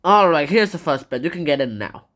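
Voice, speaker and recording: A woman voicing a gruff, matter-of-fact middle-aged male truck driver. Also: low voice, animated, a little fast, fairly bright tone.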